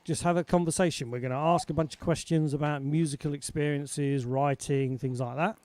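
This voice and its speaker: A man's voice: fairly high pitch, steady tone, a little fast, no room sound. A British man hosting a music show over a video call, chatting casually and greeting viewers. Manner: chatty, warm greetings to viewers, laughs easily. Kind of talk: casual livestream chat.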